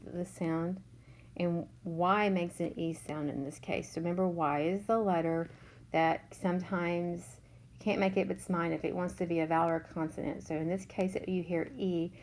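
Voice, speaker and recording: Woman teacher, low-pitched, patient and slow, noisy recording. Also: steady tone, darkish tone. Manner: slow, patient, sounds out letters. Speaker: third grade teacher. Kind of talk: remote spelling lesson.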